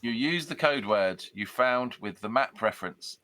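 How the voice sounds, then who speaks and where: A man reading a gamebook aloud on a live stream, brisk and matter-of-fact, with asides. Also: mid-range voice, lively intonation, sharp tone. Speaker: gamebook reader.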